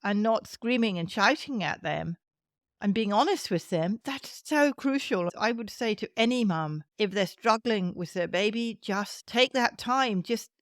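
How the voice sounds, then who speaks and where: A woman with a British accent hosting a parenting podcast, talking in a gentle, earnest and encouraging way. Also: medium pitch, animated, measured pace, dry recording, studio quality. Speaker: podcast host. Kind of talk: casual chat.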